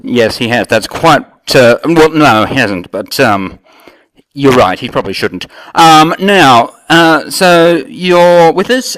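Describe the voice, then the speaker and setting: A man's voice: on the high side, fairly bright tone, dry recording, poor audio. A man with an Australian accent hosts a mock talk show in a rambling way, full of fillers and trailing sentences. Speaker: host.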